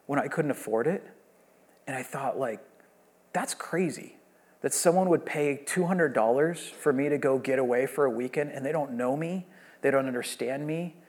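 A man in his thirties, a pastor preaching a sermon and telling a long story in a conversational way with frequent restarts. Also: on the high side.

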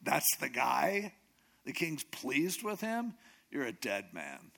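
A man's voice: on the low side, lively intonation, a little slow, bright, forceful tone. Blunt, unsympathetic wife, put on by a male storyteller. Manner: blunt, matter-of-fact. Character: blunt wife of a scheming official.

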